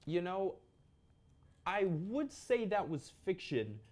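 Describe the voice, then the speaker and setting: A young man co-hosting a casual chat, with dry, deadpan jokes. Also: sits high, takes it slowly. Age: young adult.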